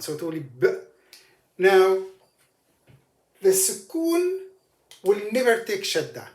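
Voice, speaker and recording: A man teaching Arabic letters and vowel marks, speaking slowly and patiently and repeating each word for the learner. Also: high voice, echoey room. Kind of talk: language lesson.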